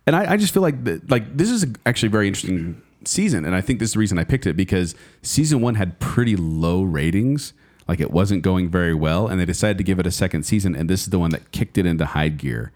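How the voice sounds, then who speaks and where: A man's voice: low-pitched, lively intonation, quick pace, a little mellow. A man co-hosting a casual chat, talking at length and explaining, with plenty of "like". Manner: chatty, full of "like" and restarts, explaining shows. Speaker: podcast co-host.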